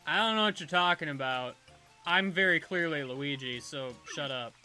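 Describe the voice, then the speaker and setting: A man voicing a gruff man who bluffs curtly in a disguise. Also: on the high side, normal speed, sharp tone, soft background music.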